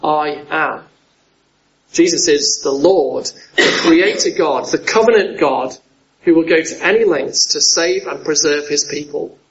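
A man's voice: on the high side, measured pace, muffled recording. A man preaching a sermon in a conversational way, often putting questions to his listeners.

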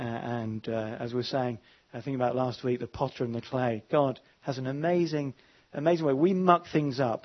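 A man's voice: a little high, muffled recording. A man preaching an evening sermon, emphatic and repeating his words, with frequent fillers. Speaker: pastor.

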